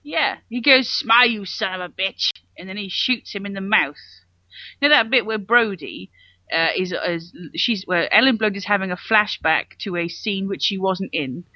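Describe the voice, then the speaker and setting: A man co-hosting a casual movie podcast from bed, laughing often and joking, saying he is high. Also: lively intonation, dry recording. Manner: laughing, joking, quick asides. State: says he is high. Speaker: podcast co-host. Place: in bed at home. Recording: dull lo-fi remote audio.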